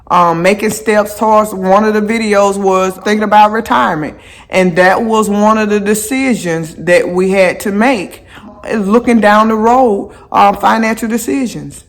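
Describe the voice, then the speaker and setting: A vlogger talking casually to viewers while out on a walk, repeating phrases for emphasis and going off on chatty asides. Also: medium pitch. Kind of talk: casual walking vlog talk. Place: outdoors on a walk.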